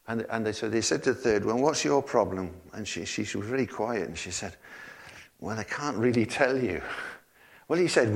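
A man's voice: on the low side, expressive, fairly quick. A man preaching an informal sermon in a church, conversational, with frequent rhetorical questions and repeated words.

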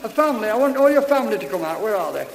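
A man's voice: high voice, big pitch swings, racing, gravelly. A man leading a revival meeting in a large hall, calling out praises exuberantly. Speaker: meeting leader. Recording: echoey hall, crowd and hiss.

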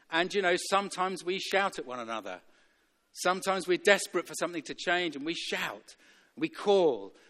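A man's voice: a little high, a bit bright. A man preaching a sermon in a church, emphatic and repetitive, chuckling now and then between points. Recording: long reverb of a church hall.

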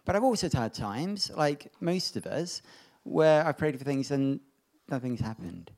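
A man preaching a sermon, reading Bible stories and bringing them to life with animated voices. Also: on the high side, measured pace.

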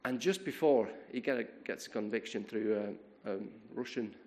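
A man with a medium-pitched voice preaches a sermon at a moderate pace. He retells a story with lots of energy, frequently repeating words and starting his sentences over.

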